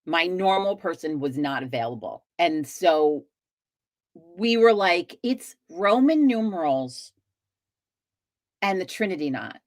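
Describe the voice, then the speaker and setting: Gadatliwa kobieta o niskim głosie. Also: female voice, on the low side, animated, slow pace, dry recording, clean studio sound. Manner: chatty, swears freely, rambles with restarts. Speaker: live-stream host. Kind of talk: casual chat with viewers.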